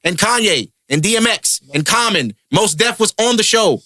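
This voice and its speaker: A man's voice: sits high, lively intonation, normal speed, sharp tone, slight background noise. A man hosting a podcast, a comedian ranting in heated, profane casual chat.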